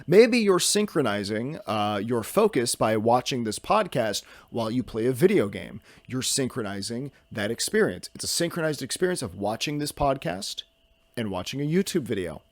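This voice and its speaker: A man's voice: medium pitch, sing-song, moderate pace, dry recording. A young man hosting a solo podcast, rambling in a goofy, self-mocking way and jumping from topic to topic. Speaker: podcast host.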